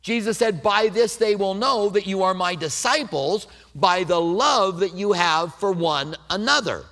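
A middle-aged man preaching a sermon, talking in a conversational, animated way with self-deprecating humor. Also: high voice, measured pace. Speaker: pastor.

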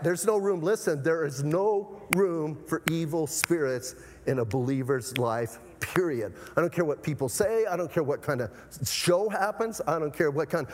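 A man with a somewhat high voice preaches an emphatic sermon, breaking in again and again to tell the room to listen. His words ring out with a long reverb, as in a large church hall. He is a pastor from Arizona. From Arizona, USA. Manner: emphatic, repeatedly urging "listen".

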